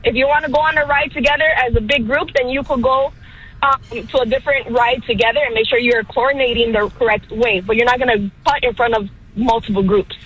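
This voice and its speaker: A woman's voice: on the high side, steady tone, brisk, a bit bright, breathy edge, muffled recording. A woman teacher calling in to a radio show, telling a story in a firm, matter-of-fact way. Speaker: caller, teacher. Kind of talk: phone-in story.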